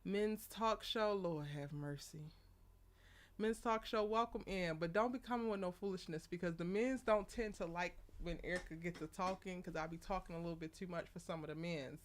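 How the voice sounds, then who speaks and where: A woman's voice: fairly low pitch, normal speed. A young woman hosting a casual live stream, chatty and laughing often as she greets viewers by name. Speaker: live show host.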